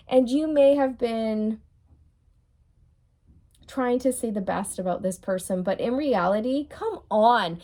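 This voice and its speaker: A woman's voice: on the high side, slow pace, long pauses, dark tone. A woman reads tarot cards in a frank, teasing tone. She mocks the person the cards describe and laughs as she goes. She keeps checking in with the viewer as she talks. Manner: blunt, mocking, laughs often, repeats okay. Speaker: tarot reader. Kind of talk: tarot reading monologue.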